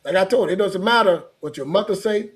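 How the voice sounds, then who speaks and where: A man's voice: high-pitched, quick pace. A middle-aged man talking in a casual chat, earnest and rambling, often repeating himself.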